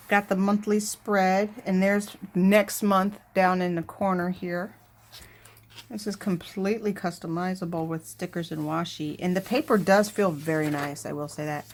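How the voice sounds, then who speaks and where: A woman vlogger chatting casually while flipping through a new planner, thinking aloud with lots of fillers and asides. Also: fairly low pitch. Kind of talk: casual unboxing chat.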